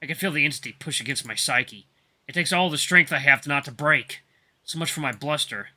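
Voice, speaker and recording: A man reading a story game aloud in expressive first-person narration. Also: a little high, fairly quick.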